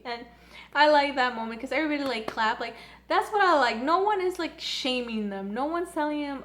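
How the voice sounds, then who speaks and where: A woman's voice: high voice, expressive, brisk, a bit bright. Giggly, swearing young woman reviewer. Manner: chatty, giggly, swears a lot, many "like"s. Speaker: anime reviewer. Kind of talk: casual episode recap. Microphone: phone.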